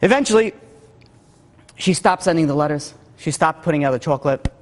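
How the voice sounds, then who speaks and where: A man's voice: on the high side, animated, brisk. A male rabbi telling a story in a sermon, casual with lots of "like" and "you know". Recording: long hall reverb.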